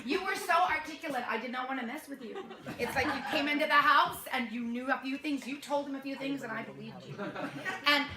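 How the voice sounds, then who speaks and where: A woman directing a youth theater show, talking casually to her cast with warm praise, much laughter and many fillers. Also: high voice, fast, a crowd in the background. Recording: echoey room, noisy.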